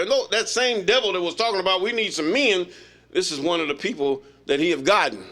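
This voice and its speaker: A man with a fairly high, forceful voice teaches an informal Bible study. He reads scripture aloud and then breaks off into loose, folksy commentary. His delivery is emphatic and conversational. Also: brisk.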